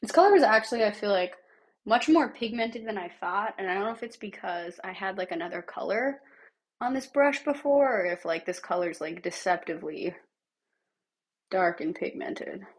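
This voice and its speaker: A woman livestreamer with a raspy, smoker-like voice and a lingering cough, chatting casually through a makeup tutorial and narrating each step as she works, sometimes dropping to a near-whisper. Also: mid-range voice, lively intonation, normal speed. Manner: chatty, thinks aloud while working, drops to near-whispers.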